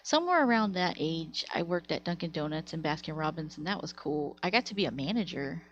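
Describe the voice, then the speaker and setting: A woman live streamer telling stories in a casual, animated way, laughing often. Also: deep voice, a little fast, muffled recording, a little hiss or hum. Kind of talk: casual storytelling to chat.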